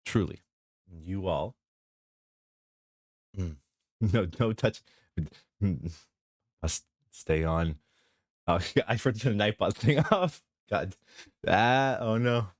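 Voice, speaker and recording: Slow, deep-voiced giggly young man. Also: dry recording. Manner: giggly, easily breaks into laughter; mock-grand, playful self-introduction. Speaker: vtuber streamer. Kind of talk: casual live stream chat.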